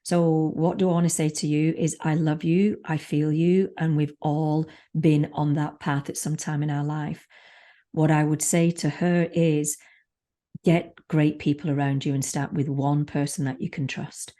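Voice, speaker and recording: A woman's voice: low-pitched, little pitch movement, measured pace, mellow. A woman who is a spiritual mentor, a guest on a podcast, speaking frankly and swearing freely in casual conversation.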